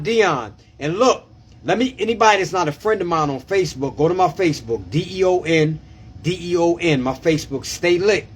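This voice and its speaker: A man's voice: on the high side, breathy edge. Emphatic man on a casual livestream. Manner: emphatic, repeats himself and asks "you understand?". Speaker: tax preparer and coach. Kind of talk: casual live-stream talk.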